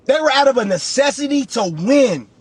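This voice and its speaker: Man, very high husky voice, blunt and preachy, repeats himself, motivational livestream. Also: lively intonation, moderate pace, no room sound. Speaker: real estate investor and coach.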